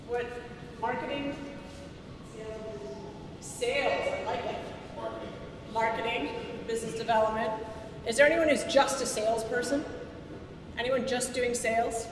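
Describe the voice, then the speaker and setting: A woman's voice: fairly high pitch, fairly bright tone. A woman from Toronto with a Canadian accent, giving a chatty conference talk and quizzing the audience. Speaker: speaker at a startup event. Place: large event hall. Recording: echoey hall from far off, noisy.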